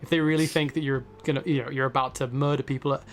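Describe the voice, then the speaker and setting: A man hosting a live stream, talking casually in a rambling, self-deprecating way with quick jokes. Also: mid-range voice, fairly even intonation, a little hiss or hum. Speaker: host.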